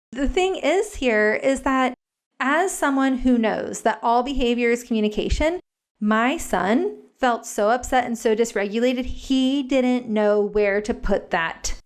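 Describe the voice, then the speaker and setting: Woman guest, earnest and explanatory, fairly high voice, casual podcast talk. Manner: earnest, explains step by step with frequent "like" fillers. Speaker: guest parenting educator. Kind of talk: conversational interview explanation. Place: podcast recording.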